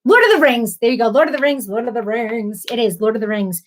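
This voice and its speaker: A woman's voice: a little high, quick pace. A woman hosting a casual live stream, chatting and laughing as she answers viewers by name. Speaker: livestream host.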